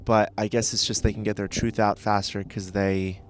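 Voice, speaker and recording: A man's voice: on the low side, little pitch movement, moderate pace, slight background noise. A man chatting casually as a podcast guest, rambling and hesitant with lots of filler words.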